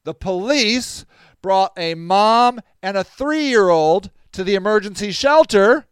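A man's voice: high-pitched, takes it slowly, clear, resonant tone, no room sound, studio quality. A man hosting a podcast, telling stories in a casual monologue, acting out other people's lines and laughing often. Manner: animated, acts out quoted voices, laughs often. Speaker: podcast host.

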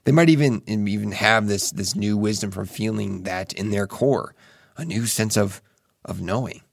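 A young man speaking alone delivers an earnest, musing reflective monologue at a moderate pace, often restarting sentences and swearing casually. His voice is low, gravelly and fry-edged, and the recording is dry and close with no room sound.

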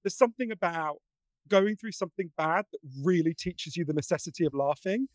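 A man talking as a podcast guest, earnest and animated, telling stories with frequent restarts. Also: high-pitched, a little fast, dry recording. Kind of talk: casual conversation.

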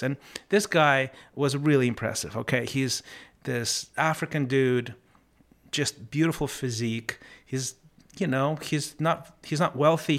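Hosting a motivational podcast, a man walks through life lessons in a sincere, reflective manner. Casual storytelling, frequent restarts, and deliberate slowing on important points mark his delivery. He has a mid-range voice and a fairly bright tone.

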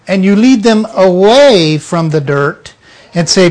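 A man's voice: sits high, normal speed. Blunt, emphatic male preacher. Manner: blunt, emphatic, acts out little scenes. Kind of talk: informal sermon to a small group.

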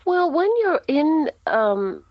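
A woman's voice: high voice, sing-song, takes it slowly, dull audio, slight background noise. A woman in her sixties from Australia, an actress telling stories in a casual interview, chatty and rambling, with frequent laughter. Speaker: guest, actress. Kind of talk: casual interview over a call.

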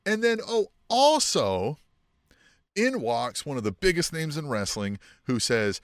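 A man co-hosting a wrestling podcast, excitable and profane, acting out quotes in a higher voice. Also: measured pace, no echo, studio quality. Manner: excitable, swears a lot, acts out quotes in a higher voice. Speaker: podcast co-host. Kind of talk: casual wrestling chat.

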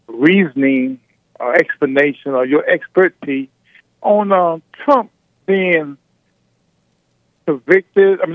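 A man's voice: a little high, no echo. A man from California calling into a talk show, argumentative and repeating his points. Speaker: caller. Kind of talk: phone-in conversation. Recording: tinny phone line.

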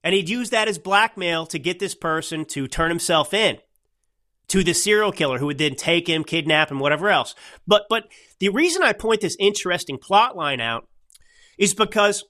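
A man's voice: a little high, lively intonation, normal speed, bright, forceful tone. A young man hosting a podcast, giving a rambling, emphatic political commentary monologue full of restarts and asides. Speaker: podcast host.

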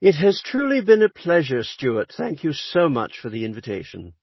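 A man who is a voice actor, a guest in a casual interview, speaking in an articulate, measured way. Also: on the high side, wildly swooping pitch, slightly rough, no echo, muffled recording.

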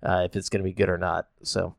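A man's voice: low-pitched, flat delivery, fast, creaky, no echo, clean studio sound. A man hosting a casual gaming news podcast, reading out quotes and rambling loosely between them. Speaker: podcast host.

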